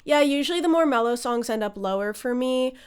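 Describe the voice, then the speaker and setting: Chatty young woman with a smooth voice. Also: sits high, lively intonation, a little fast. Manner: chatty, enthusiastic, swears casually. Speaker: music video creator ranking album songs. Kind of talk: casual talk to camera.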